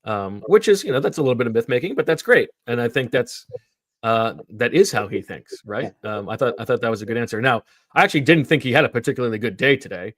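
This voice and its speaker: A man hosting a sports podcast in casual chat, telling stories in an animated way. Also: mid-range voice, quick pace, no echo. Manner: animated storyteller.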